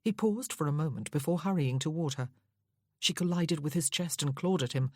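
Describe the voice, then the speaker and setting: A woman reads a Regency romance aloud with steady, measured storytelling. Her voice sits low with a husky, breathy edge, recorded dry and close. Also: no room sound. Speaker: audiobook narrator.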